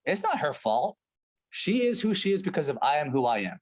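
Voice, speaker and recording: A man coaching a sales team in blunt, profane, animated talk, acting out short scenes. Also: on the high side, a little fast.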